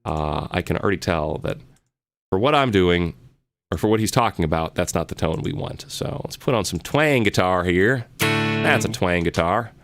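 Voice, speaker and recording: A man's voice: deep voice, expressive, moderate pace, fairly bright tone. A man teaching a live online music lesson, answering viewer questions in a chatty, rambling way with many fillers. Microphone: close studio mic.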